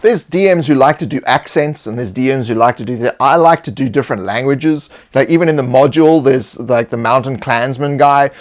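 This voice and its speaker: Male co-host, mid-pitched, loose rambling delivery, tabletop tips chat. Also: brisk, few pauses. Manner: relaxed, rambling, frequent restarts. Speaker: co-host giving game master tips. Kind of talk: casual advice chat.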